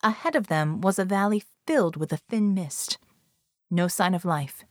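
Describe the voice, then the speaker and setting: Low-voiced woman reading an audiobook. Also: normal speed, no echo, studio quality. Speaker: audiobook narrator. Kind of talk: scripted narration.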